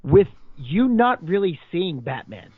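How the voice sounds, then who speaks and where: Expressive man from New Jersey. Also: high voice, unhurried, no room sound. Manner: expressive, exasperated reactions, frequent restarts. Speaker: podcast co-host. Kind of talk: casual chat. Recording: dry, dull podcast audio.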